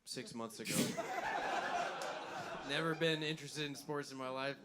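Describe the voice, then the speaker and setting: A man's voice: mid-range voice, fairly even intonation, unhurried, very noisy. A young man co-hosting a live comedy podcast, telling crude, rambling stories and laughing at his own jokes. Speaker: podcast co-host. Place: live venue stage.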